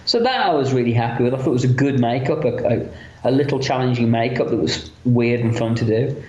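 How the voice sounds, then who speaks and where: A man who works as a special effects makeup artist, telling stories from film sets in a casual interview, chatty and animated, acting out what other people said. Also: mid-range voice, quick pace. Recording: roomy, dull lo-fi sound.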